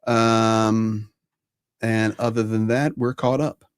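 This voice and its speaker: A man's voice: on the low side, level tone, slow pace, smooth, no room sound, clean studio sound. A man co-hosting a live discussion stream, giving brief, plain updates in a casual way.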